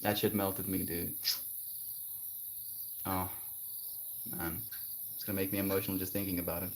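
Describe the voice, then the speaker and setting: A man livestreaming, chatting gently and affectionately with viewers about kindness and spirituality. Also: level tone, moderate pace, slight background noise. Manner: gentle, spiritual, affectionate, breaks into high laughing bits. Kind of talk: casual chat reading viewer comments.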